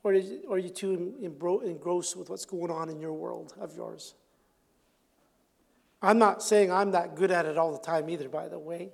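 A pastor with a high voice delivers a sermon, animated and storytelling, jumping into the voices of the people he describes. He chuckles often and lets his lines fade softly. The sound rings with a long reverb, as in a large hall. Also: vocal fry.

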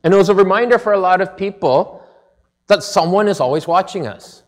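A man's voice: high voice, a little fast. A man, a pastor, delivering a sermon in a conversational, storytelling manner.

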